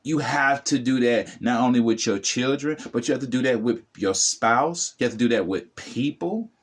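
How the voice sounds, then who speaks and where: A man's voice: medium pitch, moderate pace, husky. A middle-aged man giving a motivational talk to the camera as a spiritual vlogger, preachy and repetitive, addressing the viewer directly.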